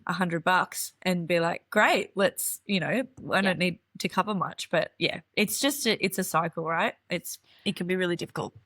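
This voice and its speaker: An Australian woman hosts a podcast interview in a fairly low voice. She talks supportively and sometimes rushes through quick stretches. Her voice sounds dry and close to the mic. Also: a bit bright, dry recording. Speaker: podcast host. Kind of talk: casual interview chat.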